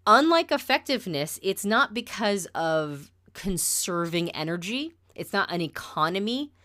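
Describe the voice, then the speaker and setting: A woman of medium pitch chats her way through a lesson about personality types, her delivery becoming flatter and more measured as she lands each point.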